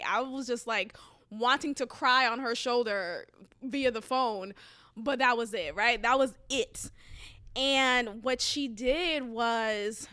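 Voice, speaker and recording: A woman's voice: fairly high pitch, pushed and bright, no room sound, studio quality. A young woman hosting her own podcast, telling a personal story in a rambling, heartfelt way with many fillers and the odd curse. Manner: swears casually. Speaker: podcast host. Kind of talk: casual monologue.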